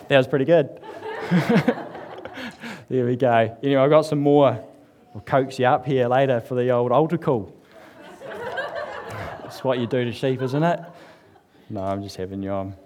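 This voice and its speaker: A man's voice: medium pitch, moderate pace, background noise. A man giving a casual, humorous sermon to a live congregation. He talks in a chatty, joking way, full of fillers, and reads passages aloud. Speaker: church speaker. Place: church service with live congregation.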